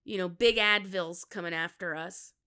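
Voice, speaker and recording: Midwestern comedian lady rambling on her podcast, bright crisp voice, laughs at herself. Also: lowish voice, normal speed. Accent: Midwestern American. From Minnesota. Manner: candid, self-mocking, jokey with laughs. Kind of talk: casual solo podcast chat.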